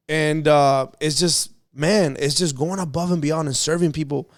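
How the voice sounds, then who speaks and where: A man hosting a podcast, telling stories in casual chat and getting animated as he goes. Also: fairly high pitch, moderate pace, few pauses, no room sound, clean studio sound. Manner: animated storytelling, gets excited. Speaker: podcast host.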